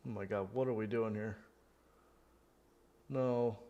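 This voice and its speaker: A man talking through a live match for fellow fans, rambling easily with plenty of fillers. He muses about players, then erupts into loud, disbelieving shouts when goals go in. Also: lowish voice, fairly even intonation, fast, lo-fi sound. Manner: chatty, rambling, thinks aloud with fillers. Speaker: fan host of a live watchalong. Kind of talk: casual live match reaction.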